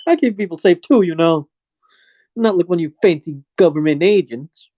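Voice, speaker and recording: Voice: mid-range voice, normal speed, no echo, muffled recording, pitched above the performer's own voice, lightly acted. A game master voicing a touchy, proud male security guard who is defensive and indignant.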